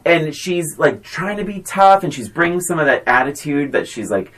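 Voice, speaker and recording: Woman podcast host with a really low voice, bouncy delivery, hams up the movie quotes. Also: normal speed. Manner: animated, acts out movie lines with big swings. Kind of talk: casual movie chat.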